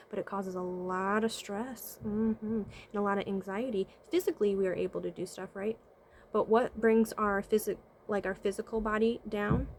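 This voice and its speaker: Medium in pitch and darkish in tone, this woman's voice comes with slight background noise. She's a vlogger and spiritual consultant speaking casually to camera with life advice, full of rhetorical questions and "right?" check-ins. While she thinks aloud, "mm-hmm" hums come up often.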